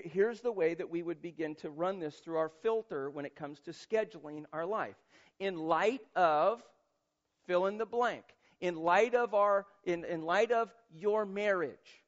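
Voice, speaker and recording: A man preaching a sermon as pastor, talking in a conversational, emphatic way and asking the listeners rhetorical questions. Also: sits high. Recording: muffled lo-fi sermon recording.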